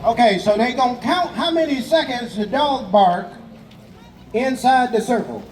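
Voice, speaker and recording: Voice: medium pitch, animated, moderate pace. A festival announcer giving joking, chatty play-by-play of an outdoor contest. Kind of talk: live event commentary. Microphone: public address loudspeaker. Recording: echoing PA amid a crowd.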